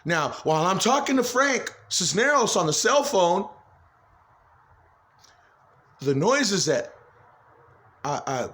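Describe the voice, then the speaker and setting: A man's voice: high-pitched, very animated, measured pace, fairly bright tone. A man talking straight into a phone camera in a rambling personal monologue, agitated, swearing freely and repeating himself. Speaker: vlogger.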